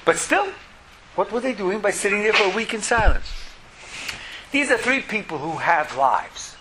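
A man teaching a lecture as a religious teacher, in an animated way that acts out quotes in lively voices. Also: high-pitched, normal speed, background noise.

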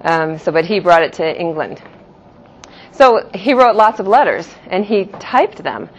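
Unhurried and expressive, a woman with a fairly low pitch lectures a Jewish philosophy class. She explains terms with patience and gives two pronunciations for each. It's a dull lo-fi classroom recording.

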